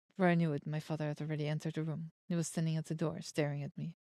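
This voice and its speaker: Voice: medium pitch, monotone, fast talker, no echo. A streamer reading a visual novel's text aloud and reacting playfully, dropping in Japanese words. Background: soft game music.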